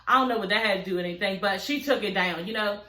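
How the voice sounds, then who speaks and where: A woman's voice: medium pitch, very fast, pushed and bright, roomy sound. A woman hosting a blunt, profane, laughing recap of a reality TV episode, talking straight to her listeners. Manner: blunt, sassy, laughing, talks to listeners as y'all. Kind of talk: casual profane recap chat.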